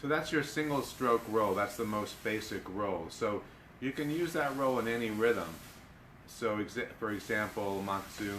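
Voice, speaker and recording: A man teaching darbuka rolls in a live lesson, explaining in a relaxed, halting way with fillers and chanting drum syllables. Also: lowish voice, over loud music. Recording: echoey room with loud drumming. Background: darbuka drumming.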